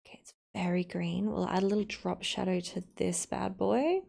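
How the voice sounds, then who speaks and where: A woman streamer edits a video live while chatting casually with her viewers, narrating each step with playful asides. Her medium-pitched voice is warm and creaky, with fairly even intonation and a moderate pace.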